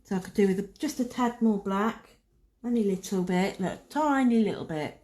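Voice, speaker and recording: A woman gives a chatty, casual nail art tutorial, talking herself through each step as she paints. Her mid-range voice has a darkish tone and moves at normal speed.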